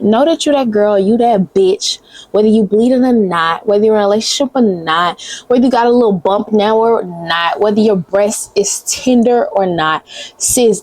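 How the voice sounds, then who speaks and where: A woman's voice: a little high, darkish tone, no echo. A young woman, giving a blunt, profane, sisterly pep talk straight to camera in a casual vlog. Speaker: vlogger.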